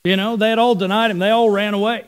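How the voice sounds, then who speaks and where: High-voiced pastor telling a family story. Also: male voice, fairly even intonation, fast talker, smooth. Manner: storytelling, conversational with the congregation. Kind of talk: sermon.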